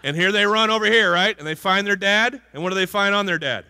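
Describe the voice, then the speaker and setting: A man's voice: high-pitched, fast talker, bright, forceful tone. A male pastor giving a conversational sermon and asking the congregation questions. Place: church sanctuary. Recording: hall reverb from a church.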